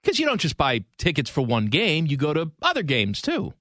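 A man's voice: fairly high pitch, huge pitch swings, normal speed, a bit bright, no room sound, studio quality. A man co-hosting a sports radio show in casual talk, chatting about games he watched and asking questions. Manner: chatty, asks questions and tells what he watched. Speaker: radio co-host.

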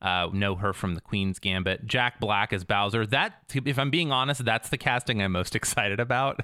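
A man co-hosting a podcast, chatting casually and thinking aloud in a measured way. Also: lowish voice, pushed and bright, slight background noise. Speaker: podcast co-host. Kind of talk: casual chat.

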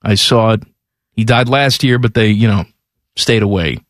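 A man's voice: fairly low pitch, moderate pace, a bit bright, no echo, studio quality. Wisecracking man in his forties. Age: 40s. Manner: wisecracking, irreverent. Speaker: sports radio host. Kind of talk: casual radio banter. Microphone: studio microphone.

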